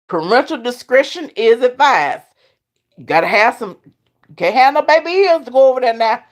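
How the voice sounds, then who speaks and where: A woman's voice: a little high, expressive, moderate pace. Chatty woman hosting a live chat. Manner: chatty, laughing, talks straight to viewers. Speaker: live stream host. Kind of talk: casual live chat with viewers.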